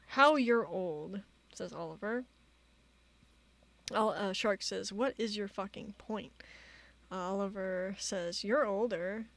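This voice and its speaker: A woman streamer giving casual commentary, reading out chat logs in a halting way with many fillers. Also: medium pitch. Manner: halting, many fillers, reads quotes flatly.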